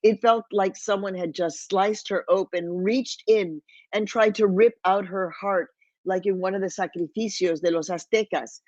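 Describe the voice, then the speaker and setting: A woman's voice: medium pitch, fairly even intonation, normal speed, a little mellow, dry recording. Woman reading vivid memoir aloud. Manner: vivid storytelling, slips into Spanish phrases. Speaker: author. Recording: dull, lo-fi, dry.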